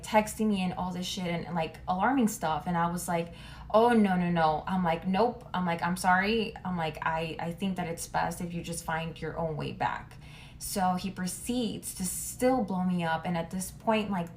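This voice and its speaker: A woman's voice: on the low side, a little hiss or hum. A young woman telling a dating story in a casual, rambling way, swearing often and filling her speech with "like.". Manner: rambling, profane, lots of "like".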